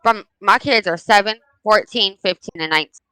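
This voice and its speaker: A woman's voice: mid-range voice, moderate pace, smooth, dry recording, poor audio. A woman in her forties, a mother of four, chatting bluntly and emphatically, telling stories with force. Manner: blunt, emphatic, animated storytelling. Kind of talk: casual chat.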